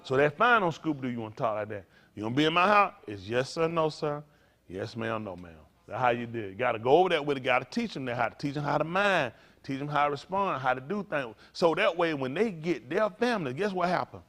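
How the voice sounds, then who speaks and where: An older man preaching to a congregation, in a folksy, playful way with sudden loud bursts. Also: on the high side, expressive, fast talker, few pauses. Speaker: pastor.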